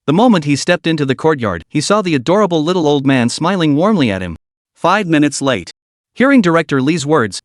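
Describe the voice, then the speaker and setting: A man reading a comic recap story as scripted narration, in a lively storytelling delivery. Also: a little high, no room sound, studio quality.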